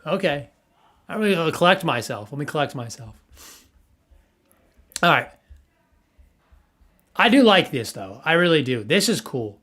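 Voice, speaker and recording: A man's voice: a little high, expressive, a little fast, long pauses, a bit bright. A young man casually hosting a livestream, rambling and stammering playfully as he reacts to viewers' art. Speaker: livestream host reviewing NFT art.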